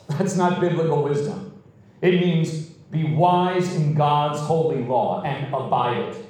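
High-voiced preacher in an echoing church. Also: male voice, slow, a little mellow. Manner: emphatic preaching, rising to exclamations. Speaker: pastor. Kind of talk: sermon. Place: church sanctuary. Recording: very echoey hall, mic at a distance.

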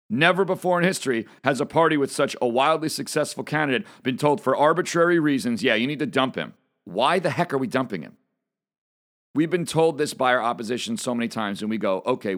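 Man, middle-aged, political monologue, emphatic, rhetorical questions, lively intonation. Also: mid-range voice. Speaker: political commentator.

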